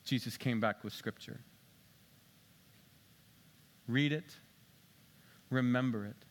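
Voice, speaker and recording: Here a male pastor preaches slowly, joking and mocking himself in a chatty manner. Loud, emphatic moments give way to quiet, subdued ones and back again.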